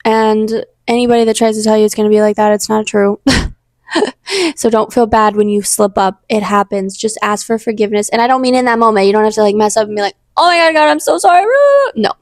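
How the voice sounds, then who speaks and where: A woman's voice: fairly high pitch, a little mellow, no echo, clean studio sound. A young woman hosting a casual faith talk, earnest and rambling, with many fillers and restarts. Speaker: podcast host.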